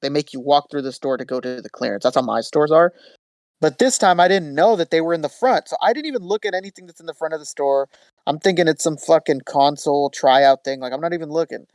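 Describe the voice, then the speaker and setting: A man's voice: a little high, fast talker, no echo. A man hosting a podcast, telling a story in casual chat, swearing freely and acting out quotes. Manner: profane, animated storytelling with acted quotes. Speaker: podcast host.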